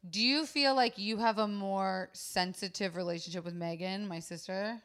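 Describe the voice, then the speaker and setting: Bright, smooth young woman hosting a podcast. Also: mid-range voice. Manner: quick, playful, prompts and interjects with "like". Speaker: podcast host. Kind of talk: casual podcast interview.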